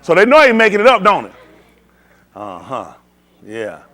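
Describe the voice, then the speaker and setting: A man's voice: high-pitched, wildly swooping pitch, normal speed, a bit bright. A man hosting a playful trivia game with a room of people, teasing and calling on them by name. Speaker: host leading a group trivia game. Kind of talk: lively group banter.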